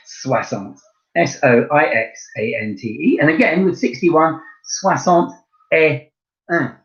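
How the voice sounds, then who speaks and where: A man's voice: a little high, slow pace, fairly bright tone. A man teaching a French lesson to primary pupils, chatty and encouraging, spelling words out letter by letter. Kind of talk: recorded online lesson. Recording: slightly dull lo-fi recording.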